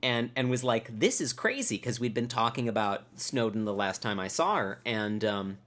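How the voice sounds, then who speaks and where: A woman co-hosting a casual chat show, joking with dry, quick comebacks. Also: very deep voice, steady tone, fairly bright tone. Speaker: co-host.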